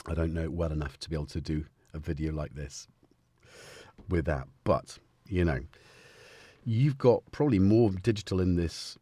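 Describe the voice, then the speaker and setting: A man's voice: low voice, moderate pace, pauses often, dark tone, slightly rough. A man hosting a live stream, chatting in a rambling, jokey way that keeps interrupting itself. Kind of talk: casual live-stream chat.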